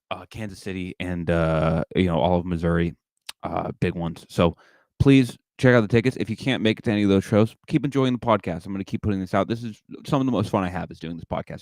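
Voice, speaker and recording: A man's voice: low-pitched, darkish tone, dry recording. A man hosting a live podcast in casual chat, loose and self-mocking as he jokes with listeners.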